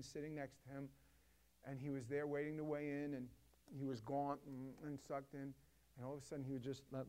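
A middle-aged man telling a story to a co-host with passion, swinging between loud emphatic bursts and hushed, quiet stretches. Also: mid-range voice.

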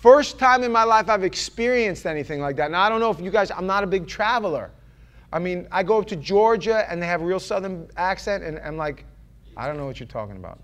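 A man preaching a sermon in a loose, conversational way, rambling with restarts and often dropping to a quiet murmur. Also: high-pitched, fairly quick, clear, resonant tone.

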